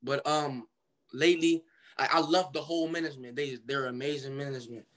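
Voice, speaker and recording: Speaking briskly with fairly even intonation, this mid-range male voice belongs to a young Cincinnati, Ohio guest artist. In a relaxed interview he recounts his story with slang and a loose delivery, voicing the people he quotes.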